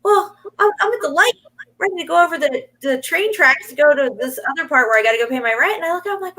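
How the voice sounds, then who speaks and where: A woman co-hosting a casual talk show, telling animated stories with lots of swearing and laughter. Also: high-pitched, fast talker, low-quality recording. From Alabama. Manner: animated storyteller, swears freely, laughs often. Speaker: podcast co-host. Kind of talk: casual chat.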